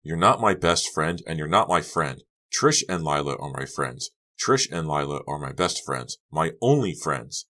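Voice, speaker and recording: A man's voice: extremely low pitch, lively intonation, normal speed, few pauses, pushed and bright, full character voice. A man voicing an anxious, angry teenage girl in a read-aloud storybook, with a clipped, tense delivery. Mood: angry, wary.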